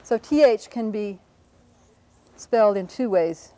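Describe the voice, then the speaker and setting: Mellow-voiced woman teaching phonetics. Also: mid-range voice, lively intonation, rough recording. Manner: patient, slows down to sound out example words; self-correcting, apologizes for slips. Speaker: linguistics lecturer. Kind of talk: explanatory classroom lesson at a whiteboard.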